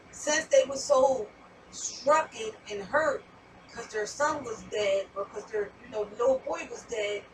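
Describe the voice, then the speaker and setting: A woman's voice: fairly high pitch, recorded from a distance, background noise. A woman giving a casual tarot reading, rambling and repeating herself, with some swearing. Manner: rambling, repetitive, profane. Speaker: tarot reader.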